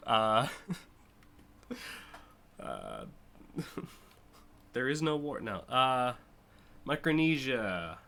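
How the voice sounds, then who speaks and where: Bright-voiced chatty American streamer. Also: male voice, medium pitch. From United States. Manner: rambling and chatty, with frequent uh and like, quick laughs. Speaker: streamer hosting a community car contest. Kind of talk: live-stream commentary.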